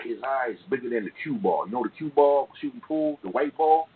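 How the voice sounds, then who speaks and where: A man's voice: mid-range voice, animated, fairly quick. Middle-aged man telling stories over a tinny line. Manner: loose street slang with frequent "man" and "you know what I'm saying". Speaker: interview guest. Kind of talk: casual storytelling in an interview. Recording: tinny phone-like sound with faint noise.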